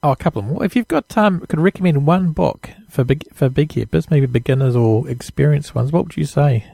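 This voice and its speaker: A man's voice: fairly high pitch, fairly quick, creaky, dark tone, no echo. A man hosting a podcast interview, friendly and hesitant, repeating words and agreeing often. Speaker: podcast host. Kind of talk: casual interview chat.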